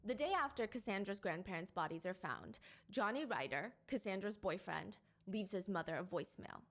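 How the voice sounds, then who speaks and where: A woman's voice: mid-range voice, expressive. Woman narrating a true crime story. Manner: measured, descriptive storytelling.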